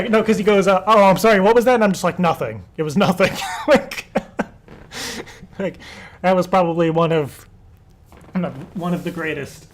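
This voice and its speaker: A young man hosting a live stream show, rambling casually with frequent laughter and swearing. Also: high-pitched. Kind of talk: casual livestream chat.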